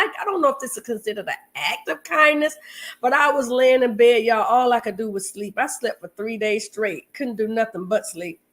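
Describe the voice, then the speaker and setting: A chatty woman co-hosting a talk show, her voice sitting a little high. She is still slightly congested from a cold. She keeps turning straight to her listeners as she tells her stories. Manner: lively storyteller, addresses listeners directly. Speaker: marriage podcast co-host. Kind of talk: casual chat to listeners.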